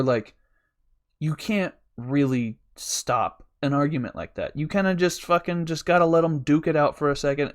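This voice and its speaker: A young man hosting a podcast, telling a long rambling story in casual chat, swearing a lot and laughing as he goes. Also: medium pitch. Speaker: podcast host.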